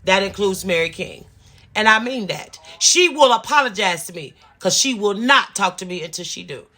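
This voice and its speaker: A woman in her fifties tells a storytime rant to her viewers, swearing freely and repeating her points for emphasis. Her voice is bright and sharp, with an emphatic, insistent delivery. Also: medium pitch, animated, moderate pace. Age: 50s. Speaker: vlogger.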